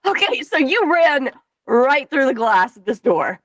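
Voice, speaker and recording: Woman, game master, casual and profane, higher pitch, dry sound. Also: big pitch swings, unhurried, no room sound. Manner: casual, swears, hesitant fillers. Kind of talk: narrating a tabletop game.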